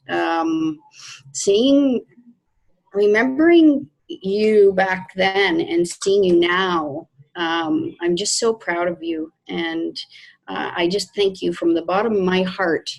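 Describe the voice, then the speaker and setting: A woman in network marketing, talking slowly and emotionally on a video call about her team and takeaways. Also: mid-range voice, vocal fry, poor audio. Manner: slow, warm, heartfelt and emotional. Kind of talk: casual video call chat.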